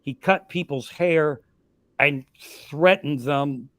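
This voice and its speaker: A man in his sixties telling profane, animated comedy stories on a live podcast, with loud punchlines. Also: on the high side, slow pace, dry recording. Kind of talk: casual storytelling on a live podcast.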